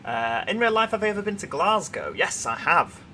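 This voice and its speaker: A man's voice: high-pitched, sing-song, brisk, pushed and bright, a little hiss or hum. A young man with a Yorkshire accent, hosting a casual livestream and chatting as he reads viewer comments aloud. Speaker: livestream host.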